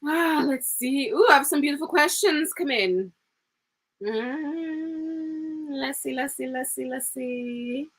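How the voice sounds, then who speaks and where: A woman's voice: sits high, slow pace, rough recording. A woman in her thirties giving live psychic tarot readings, chatty and rambling, laughing often and calling viewers pet names. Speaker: tarot reader.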